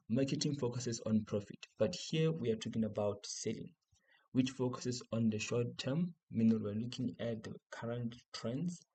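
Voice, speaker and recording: South african guy teaching exam revision, says things over and over, warm low-key tone. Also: poor audio. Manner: repeats key points, asks and answers his own questions.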